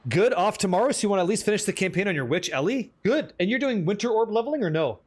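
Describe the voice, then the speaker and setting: High-pitched excitable man streaming a game. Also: fast. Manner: excitable, profane, teasing chat, reading questions aloud. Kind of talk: live gameplay stream, chatting with viewers.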